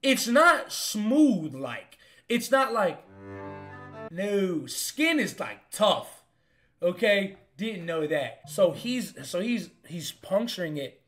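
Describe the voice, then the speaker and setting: A young man, a comedian, telling a story in a casual, animated and profane way, with punchy lines. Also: high-pitched, takes it slowly, faint music behind. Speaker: comedian host.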